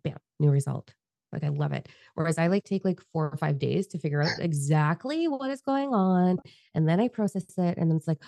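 Low gravelly woman, blunt podcast talk. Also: no room sound. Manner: blunt, swears freely, animated storytelling. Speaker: podcast co-host. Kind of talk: casual podcast chat.

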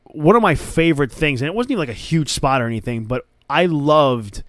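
A man's voice: on the high side, lively intonation, brisk, no echo, studio quality. A man hosting a podcast, retelling a match in casual chat with eager, rambling enthusiasm. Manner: enthusiastic, rambling play-by-play recap. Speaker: podcast host.

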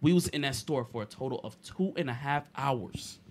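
A young man, a podcast co-host, telling a casual, profane story and swinging between loud and quiet. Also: medium pitch, normal speed, a little hiss or hum. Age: young adult.

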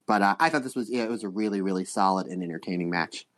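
Fast-talking man on a podcast. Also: sits low. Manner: fast, animated, acts out quoted dialogue. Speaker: podcast host. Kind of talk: casual podcast chat.

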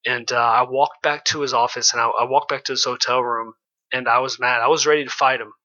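A former pro baseball pitcher telling loose, candid stories in an interview, full of "like" and "you know". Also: male voice, fairly even intonation, a little fast, pushed and bright, lo-fi sound. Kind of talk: casual storytelling in an interview.

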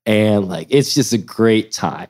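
Young man, casual storytelling chat, lively pitch, acts out voices. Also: unhurried. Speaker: guest.

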